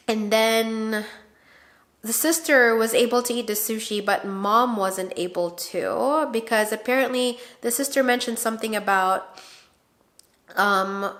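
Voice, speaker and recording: A woman vlogger casually telling a family story, chatty and animated, often acting out quoted dialogue. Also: fairly high pitch.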